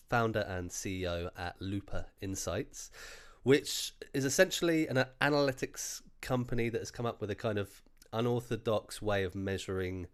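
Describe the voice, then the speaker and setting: A man's voice: lowish voice, fairly bright tone. A man hosting a casual video interview, congested from a cold and sounding nasal, chatty and joking with lots of fillers. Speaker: podcast host and interviewer.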